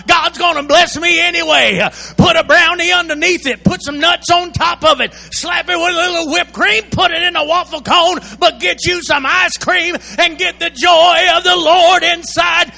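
An older man, preaching a sermon that swings from quiet storytelling to loud, shouted exhortation. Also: very high-pitched, creaky. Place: church sanctuary. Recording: echoey hall with faint mains hum.

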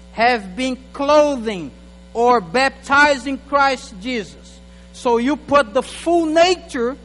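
A male pastor delivers a sermon in a very high voice, slowly and deliberately, in English that is not his first language. He often stumbles and repeats words as he talks. His voice rings out with a long hall reverb. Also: fairly bright tone. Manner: halting, repeats words, non-native phrasing, talks to an assistant.

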